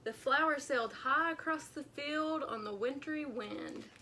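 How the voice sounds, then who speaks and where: A woman librarian reading a picture book aloud to children at storytime, with slow, expressive narration. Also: high voice, slight background noise.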